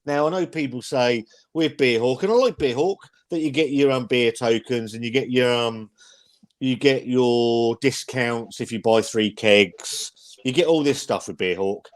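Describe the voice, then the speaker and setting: A man's voice: medium pitch, measured pace. A man hosting a casual livestream chat about beer, blunt and sweary, rambling with frequent restarts. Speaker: host.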